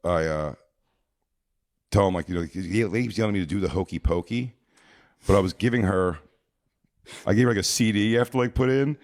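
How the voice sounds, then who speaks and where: A man's voice: low-pitched, fairly quick, long pauses, darkish tone, no room sound, clean studio sound. A man guesting on a podcast, telling crude, rambling anecdotes in casual chat with lots of restarts. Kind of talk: casual storytelling.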